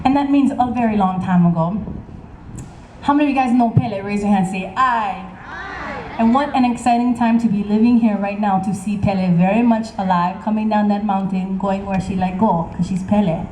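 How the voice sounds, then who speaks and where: A woman telling a legend live to an audience in a lively, chatty, teasing way. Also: mid-range voice, brisk, slight background noise. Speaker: storyteller. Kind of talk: live oral storytelling to an audience. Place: outdoor concert stage. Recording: echoey outdoor stage sound.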